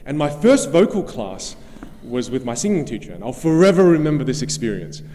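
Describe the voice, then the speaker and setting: A man's voice: mid-range voice, big pitch swings, brisk, dark tone. Man telling a story on stage, reverberant. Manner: anecdotal, with some restarts. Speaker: event host and speaker. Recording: long hall reverb, faint music behind.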